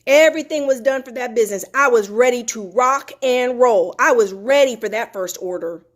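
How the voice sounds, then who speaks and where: A motivational host with a voice on the high side talks to her viewers at a moderate pace. Emphatic and preachy, she repeats phrases for effect and reads viewer comments aloud.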